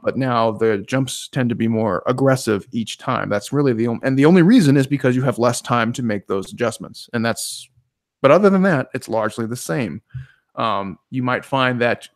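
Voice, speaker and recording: A man's voice: medium pitch, dry recording, studio quality. A man co-hosting a casual webinar, explaining training ideas step by step with many restarts. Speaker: webinar co-host.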